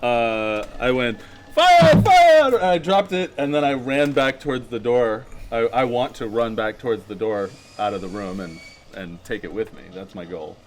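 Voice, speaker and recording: A man playing in a tabletop game, animated and excitable as he explains his moves. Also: fairly low pitch, normal speed, slight background noise. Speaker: player. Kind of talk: casual tabletop play.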